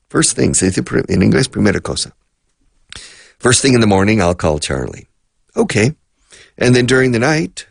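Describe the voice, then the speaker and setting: A man's voice: fairly low pitch, vocal fry, breathy edge, no echo. A man hosting a radio English lesson, explaining phrases through rambling anecdotes at a close mic. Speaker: radio host and English teacher.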